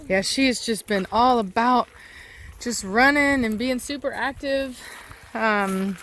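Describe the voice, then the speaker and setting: A woman with a Texan accent, a dog breeder, chatting in a casual outdoor vlog and calling to her dogs in a high sing-song voice. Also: slow, a bit bright, slight background noise. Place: outdoors in a rural yard. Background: dogs barking and rural ambience.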